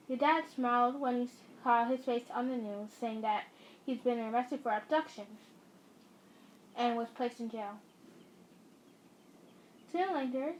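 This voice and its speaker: A woman's voice: a little high, a little hiss or hum, low-quality recording. A woman narrating a second-person story in a casual, chatty way.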